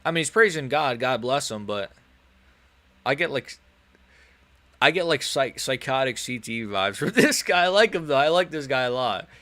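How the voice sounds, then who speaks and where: A man's voice: mid-range voice, expressive, moderate pace, pushed and bright, dry recording. Man rambling through live fight reactions. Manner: rambling, joking, slangy. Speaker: live stream host.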